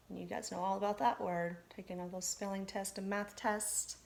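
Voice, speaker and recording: A woman's voice: mid-range voice, fairly even intonation, gravelly. A woman teacher giving a spelling lesson to young pupils, spelling out letters one by one with patient encouragement. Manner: slow, deliberate dictation, spelling out letters one at a time.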